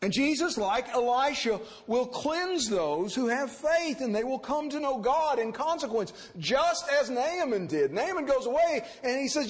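Animated preacher in an echoing hall. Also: male voice, extremely high pitch, moderate pace, hardly any pauses. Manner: animated, acts out quoted characters. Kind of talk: expository sermon. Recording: reverberant hall.

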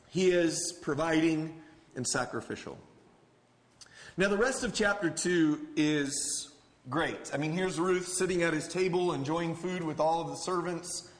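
A man's voice: a little high, in a large hall. A man preaching a sermon as a pastor, talking in an earnest, conversational way with casual asides.

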